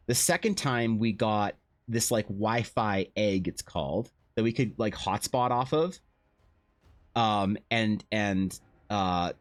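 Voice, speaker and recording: A young man streaming, telling rambling stories in casual chat with lots of restarts and swearing. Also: medium pitch.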